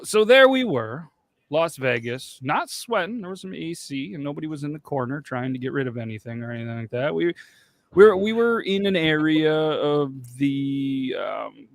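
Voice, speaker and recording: A man's voice: fairly high pitch, animated, moderate pace, dry recording. A man from the United States co-hosting a podcast, telling rambling stories in casual chat. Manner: storytelling, rambling. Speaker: podcast co-host.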